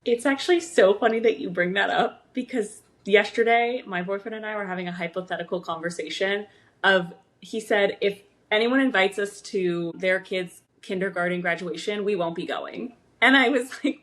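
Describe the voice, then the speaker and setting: A woman's voice: mid-range voice, brisk. Upbeat woman podcast co-host. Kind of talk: casual chat.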